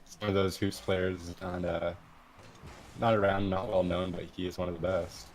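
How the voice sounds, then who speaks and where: A man's voice: low voice, level tone, normal speed. A man co-commentating a live online tournament, laid-back with dry remarks, on a slightly noisy mic. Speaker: co-caster.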